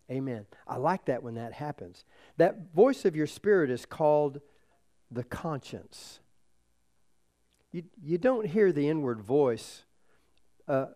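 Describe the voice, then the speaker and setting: Unhurried preacher man, loud then hushed. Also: medium pitch. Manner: unhurried preaching, swinging from loud emphasis to quiet asides; reads scripture aloud and leads the congregation in prayer. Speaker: pastor. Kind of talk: sermon.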